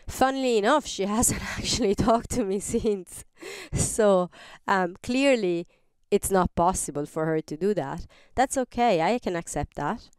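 A woman's voice: fairly low pitch, a little mellow, clear, resonant tone, dry recording, clean studio sound. A woman hosting an advice podcast, explaining earnestly and step by step with examples. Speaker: podcast host. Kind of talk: advice talk.

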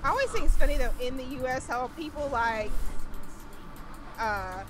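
A woman's voice: high-pitched, expressive, normal speed, over music. A woman gaming with friends, chatty and dryly amused. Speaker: gamer. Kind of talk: casual gaming chat.

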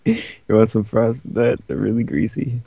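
A man's voice: fairly low pitch, moderate pace, vocal fry, dark tone, slightly rough, dry recording. A young man in casual gaming chat, silly and prone to fits of giggling. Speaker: gamer.

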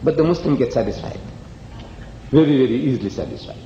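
A man's voice: mid-range voice, expressive, quick pace, dark tone, a little hiss or hum. Emphatic male lecturer in an echoey hall. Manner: emphatic storyteller, acts out dialogue. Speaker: lecturer on comparative religion. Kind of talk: public lecture, storytelling. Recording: echoey hall, dull old recording.

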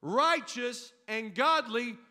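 A man preaching a sermon in a high, swooping voice that leaps up and down as he presses his points. He pulls the congregation into call-and-response and often breaks into shouts. His words ring out with a long reverb in the church hall. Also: animated, slow. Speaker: pastor. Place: church sanctuary.

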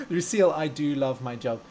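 Casting: young male teacher, unhurried and chatty, affectionate and jokey on a live stream. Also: fairly high pitch, a little hiss or hum. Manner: chatty, gushing and playful, laughs easily. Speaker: English teacher and podcast host. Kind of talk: casual live-stream chat with learners.

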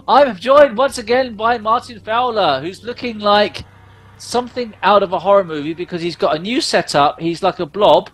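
A man's voice: high voice, normal speed, music in the background. A man hosting a podcast in casual chat, rambling and chatty, recorded at home. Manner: chatty, rambling, lots of fillers and restarts. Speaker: podcast host.

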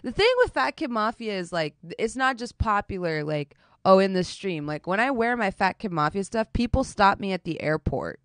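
A woman's voice: medium pitch, expressive, normal speed, hardly any pauses, no echo. A woman streaming, chatting casually with her viewers while doing her makeup, telling a story animatedly and swearing often.

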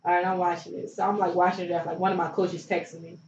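Talking fast in a lowish, darkish voice with little pitch movement, a young Philadelphia woman who used to play pro basketball rambles casually through her story as an interview guest, heavy on likes and you knows. She sits back from the mic in a roomy space, so she sounds distant and echoey, and the audio is dull with faint noise beneath.

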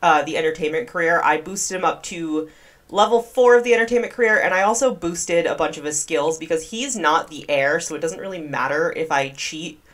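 A woman's voice: low-pitched, lively intonation, a little fast, a bit bright. A young woman giving casual gameplay commentary, chatty, gasping and squealing in disgust. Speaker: gaming video creator.

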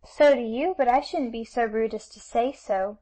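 A woman's voice: on the high side, moderate pace, mellow, natural voice, low-quality recording. A woman voicing a showy little girl who plays the fine daughter and turns indignant at rude guests. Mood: fussy. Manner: indignant, fussy.

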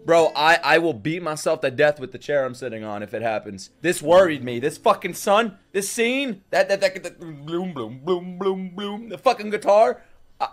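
A man's voice: on the high side, lively intonation, normal speed, soft background music. A man reacting live to an anime episode, emotional and profane, repeating himself and bursting into exclamations.

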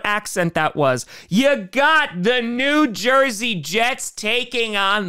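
Wisecracking high-voiced male sports commentator. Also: slow pace, few pauses, clear, resonant tone. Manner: animated and wisecracking, jumping between highs and lows. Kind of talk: comedic NFL prediction monologue.

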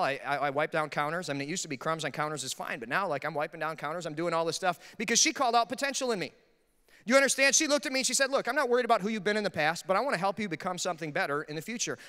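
A man's voice: sits high, pushed and bright, clear, resonant tone, long reverb tail. A man preaching a sermon as pastor, telling humorous, self-deprecating stories about married life. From Minnesota. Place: church sanctuary.

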